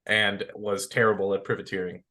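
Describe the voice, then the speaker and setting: A man's voice: on the low side, level tone, fairly quick, bright, forceful tone. A man hosting a casual podcast chat, easygoing, with small stammered restarts. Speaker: podcast host.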